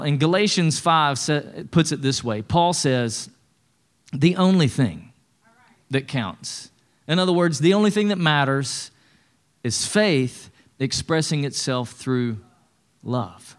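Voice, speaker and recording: A middle-aged man with a drawl preaching from a church stage. His voice sits a little high, and he keeps it conversational, mixing humor with calls for the congregation to answer back. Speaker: pastor. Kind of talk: sermon.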